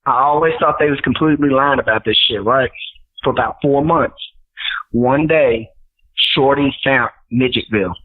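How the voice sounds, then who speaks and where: Man, guest rapper, animated storyteller, tinny phone sound. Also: mid-range voice, moderate pace. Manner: animated, acts out quotes in raised voices. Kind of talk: storytelling in casual chat.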